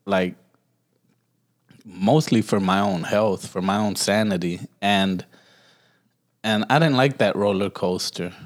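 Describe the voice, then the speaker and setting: A man's voice: lowish voice, slow, long pauses. A man co-hosting a podcast, telling a story in casual chat, laid-back and swearing freely, often laughing at himself. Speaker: podcast co-host.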